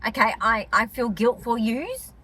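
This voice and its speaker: A woman's voice: fairly high pitch, lively intonation, unhurried, pushed and bright, breathy edge. An older woman with an Australian accent, chatting emphatically and animatedly as a vlogger. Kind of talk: casual chat.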